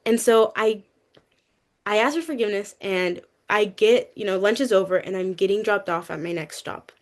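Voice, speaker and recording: A young woman giving a lively personal testimony to a youth group, talkative and acting out what people said. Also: moderate pace. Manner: animated, talkative, acts out quotes with rising pitch.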